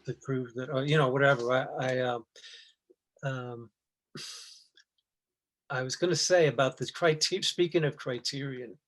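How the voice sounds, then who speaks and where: A middle-aged man in loose, rambling conversation, circling his point through stops, restarts and plenty of fillers. His voice sits at an ordinary pitch for a man, neither high nor low. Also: steady tone, unhurried, pauses often, a bit bright. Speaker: guest actor. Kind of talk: casual chat.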